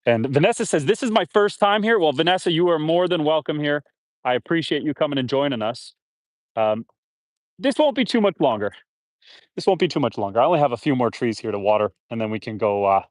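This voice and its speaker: A man's voice: medium pitch, no room sound, studio quality. A man chatting casually on a live stream while doing outdoor chores on his homestead, rambling to viewers and his animals. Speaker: homestead livestreamer. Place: outdoors on a homestead, watering trees.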